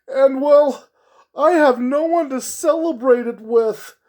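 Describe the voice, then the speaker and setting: A lonely circus clown speaks in a high, wavering voice that keeps breaking toward tears. He whimpers and pleads, slow and forlorn. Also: darkish tone. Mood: sorrowful. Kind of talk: storytelling with voices.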